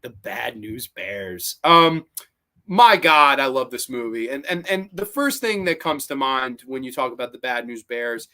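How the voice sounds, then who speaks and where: A man's voice: mid-range voice, measured pace. A man hosting a casual live-stream movie chat, rambling and swearing a lot as he gets worked up. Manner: rambling, profane, animated. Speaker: host.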